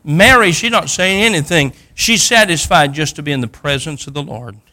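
An older male preacher delivering a sermon in a bright, forceful voice that sits a little high for a man. He tells the story in a homespun, folksy manner, acting out each character and climbing to loud, fervent peaks. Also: normal speed.

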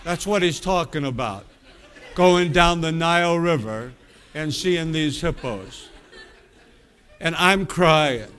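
A man's voice: fairly high pitch, slow pace, pauses often, a bit bright. A middle-aged man preaching, telling a rambling, folksy anecdote with self-amused laughs. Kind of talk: storytelling sermon.

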